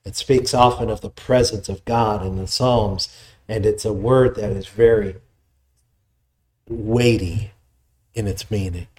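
Mellow-voiced man preaching. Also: fairly low pitch, fairly even intonation, measured pace, long pauses. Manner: explanatory, conversational preaching with restarts. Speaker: pastor. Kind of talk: sermon.

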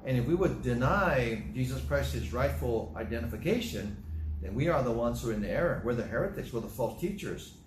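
A man's voice: lively intonation, a little fast. Guy preaching a sermon, leans hard on the verses, roomy echoey sound, little hiss behind. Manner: emphatic, rises in pitch on key scripture lines. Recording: echoey room with faint ambient noise.

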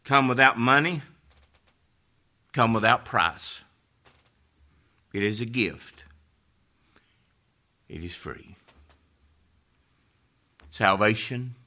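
A man preaching a sermon, rising to loud fervent peaks and dropping to hushed, low emphasis.

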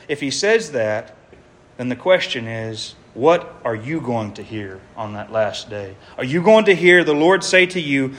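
A man's voice: a little high, expressive, normal speed, a bit bright. A man preaching an evangelistic sermon to a congregation in an earnest, emphatic way, with many rhetorical questions.

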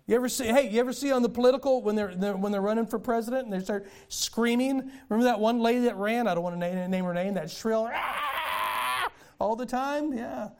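An older man preaching a sermon in a folksy storytelling way, with sudden loud bursts. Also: very high voice, fast talker, few pauses. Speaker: pastor.

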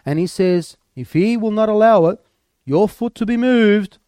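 Male preacher, high voice, dry close sound, emphatic repeated phrases. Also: a little slow, mellow, clear, resonant tone, no echo. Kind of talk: sermon.

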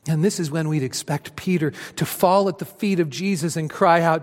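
A man's voice: on the high side, normal speed, hardly any pauses. Emphatic preacher man in a reverberant hall. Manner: emphatic, dramatic preaching with rises and drops. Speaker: pastor. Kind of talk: sermon.

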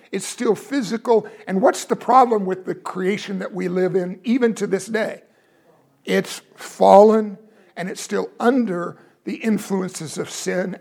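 A man teaching from the Bible in a high, gravelly voice. He explains carefully and keeps asking his listeners questions to make his point.

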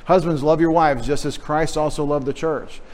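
A man's voice: a little high, steady tone, normal speed, darkish tone. A middle-aged man from Texas preaching a sermon with a light Texas accent, joking in chatty asides. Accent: Texan. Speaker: pastor. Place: church.

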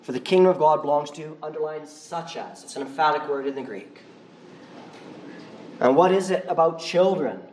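A male pastor preaching a sermon in a church, conversational and animated. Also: a little high, moderate pace, a little hiss or hum. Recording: roomy, from far off the mic.

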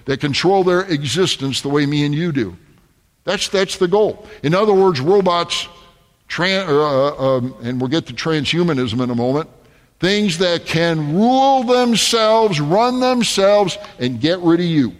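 A man's voice: fairly high pitch, expressive, measured pace. A man preaching at a rally, addressing his audience as folks in an emphatic, urgent manner. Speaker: pastor. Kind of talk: rally sermon. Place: large hall with audience. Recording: long hall reverb, faint music.

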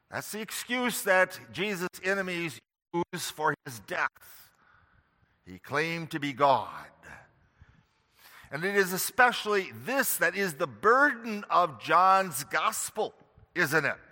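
A man preaching a sermon slowly and emphatically, pressing hard on key words. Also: fairly high pitch, bright, forceful tone, in a large hall. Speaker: pastor.

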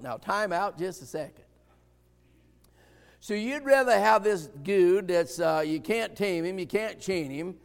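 High, gravelly preacher with hall echo. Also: male voice, animated, moderate pace. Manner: folksy, emphatic, swings from quiet asides to shouted points. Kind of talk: sermon.

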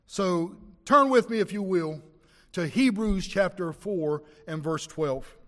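A man preaching a sermon, emphatic, slowing down to press home key words. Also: sits high, in a large hall.

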